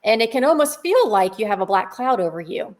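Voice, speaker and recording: In a podcast studio with heavy background noise, a woman co-hosting a conversational faith podcast talks briskly in a mid-range, very animated voice. She reflects and explains, often posing rhetorical questions.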